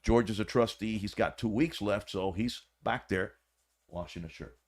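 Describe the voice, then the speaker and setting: A man's voice: fairly low pitch, moderate pace. A man, a former corrections officer, telling a story as a podcast guest in a casual, profane, slangy way.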